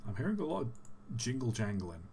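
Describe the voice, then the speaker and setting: A man's voice: medium pitch, sing-song, fairly quick, vocal fry, a little mellow, a little hiss or hum. Guy streaming a chill q&a, medium voice, kinda hesitant, lots of repeating himself. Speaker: livestream host. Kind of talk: casual live-stream Q&A.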